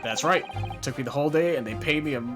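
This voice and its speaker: A man's voice: fairly high pitch, fast talker, lightly acted. A man voicing a blunt, plain-spoken working man on a jury, with game music behind. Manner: blunt, offhand.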